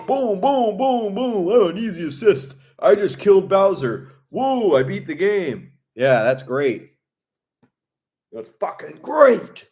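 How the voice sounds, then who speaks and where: A man's voice: high voice, big pitch swings, slow, pitched above the performer's own voice, exaggerated voice. A man doing an impression of a foul-mouthed male game critic, ranting with mocking sarcasm. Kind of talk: comic impression in a casual chat.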